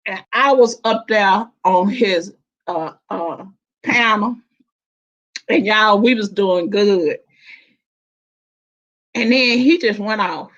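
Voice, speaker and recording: A woman chatting casually on a live stream panel, animated and laughing often, with colloquial slang. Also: mid-range voice, takes it slowly, long pauses. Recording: dull lo-fi stream audio.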